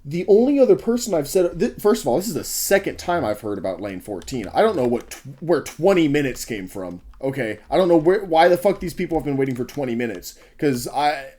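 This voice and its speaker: A man's voice: a little high, sing-song, brisk, dark tone. A young man telling a frustrated story about his restaurant shift, ranting and swearing freely in a casual vlog. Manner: mutters asides to himself while building in a game.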